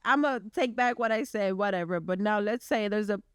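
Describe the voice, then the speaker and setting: A woman's voice: medium pitch, brisk, clean tone, no room sound. A young woman in her late teens co-hosting a casual podcast, teasing and giggly. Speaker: podcast co-host. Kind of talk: casual chat.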